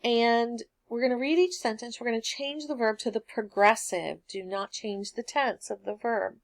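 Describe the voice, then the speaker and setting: A woman's voice: on the high side, moderate pace. Woman teaching a grammar lesson. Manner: patient, explanatory, steady classroom pacing.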